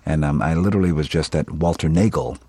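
A man's voice: extremely low pitch, fast talker, slightly rough, no echo. A man in his fifties from Philadelphia, an actor talking expressively about his work in an interview. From Philadelphia, USA. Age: 50s. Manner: animated, expressive storytelling with laughs. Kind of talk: conversational interview.

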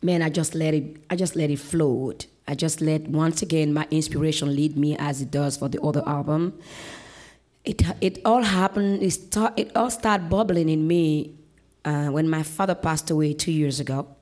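A woman's voice: low voice, normal speed, a little mellow. A woman singer being interviewed, telling personal stories expressively and acting out the voices of her family.

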